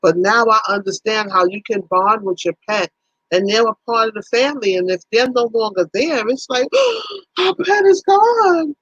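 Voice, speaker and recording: A woman's voice: medium pitch, moderate pace, fairly bright tone, no echo, muffled recording. A woman hosting a casual livestream, talking animatedly with viewers, teasing them by name and exclaiming often. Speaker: livestream host.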